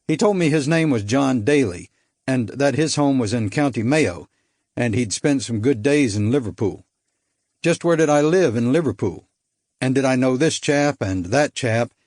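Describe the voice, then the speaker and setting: A man's voice: mid-range voice, darkish tone, no room sound. Dry-voiced male audiobook narrator. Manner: dry, measured storytelling. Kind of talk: first-person thriller narration.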